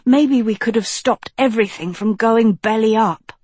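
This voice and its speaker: A woman's voice: fairly high pitch, moderate pace, a little mellow, slightly rough, no room sound. A woman voicing a chatty, naive young witch. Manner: chattery, mouth full.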